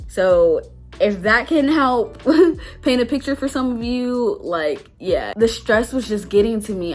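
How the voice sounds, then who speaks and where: Woman, 20s, vlogger, candid, heartfelt, teary, nervous laughs, medium pitch, faint music behind. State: emotional, near tears. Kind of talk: personal talk to camera.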